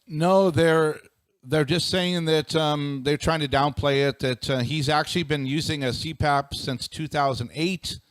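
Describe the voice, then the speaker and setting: A man co-hosting a talk show, answering the host in a measured way with fillers. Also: fairly high pitch, steady tone, dry recording. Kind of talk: casual talk show banter.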